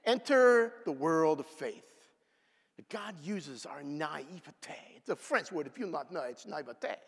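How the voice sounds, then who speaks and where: A man preaching a sermon with dramatic swings between loud exclamations and hushed whispers. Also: a little high, lively intonation, measured pace, vocal fry, breathy edge. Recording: long reverb of a large hall.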